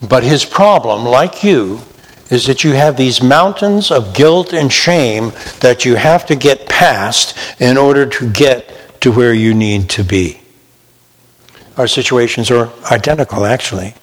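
Man preaching in a reverberant hall. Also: mid-range voice. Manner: emphatic, rising into mocking imitations of sinners. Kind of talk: sermon.

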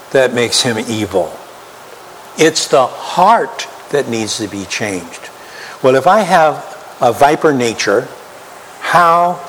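A man preaching a sermon as pastor, emphatic and slow, asking the congregation rhetorical questions. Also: medium pitch. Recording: long hall reverb, faint room noise.

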